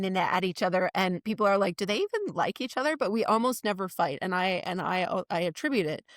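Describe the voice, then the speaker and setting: Lower-voiced middle-aged woman rambling on a podcast, lots of ums and restarts, dry close mic. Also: dry recording. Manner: chatty, rambling with many fillers and restarts. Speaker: podcast host. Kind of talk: casual interview chat.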